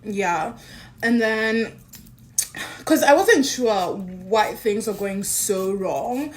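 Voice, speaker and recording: Animated woman telling a story. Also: medium pitch, drawn-out words. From Kenya. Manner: animated, swings between excited and subdued. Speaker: influencer. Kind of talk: personal storytelling.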